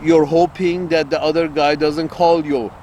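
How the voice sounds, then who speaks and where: A man talks in a slow, unhurried drawl, with a voice sitting a little high for a man. He rambles bluntly and crudely, circling back to repeat his points, with faint traffic noise behind him outdoors. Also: flat delivery, warm tone, lo-fi sound. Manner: blunt, crude, repeats himself, laughs at own jokes. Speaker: online commentator. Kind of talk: rambling political monologue.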